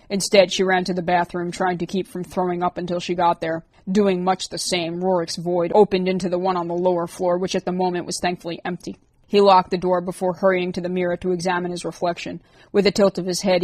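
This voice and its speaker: A woman narrating an audiobook chapter in a steady, even way. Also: fairly low pitch, no echo. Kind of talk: reading a novel aloud.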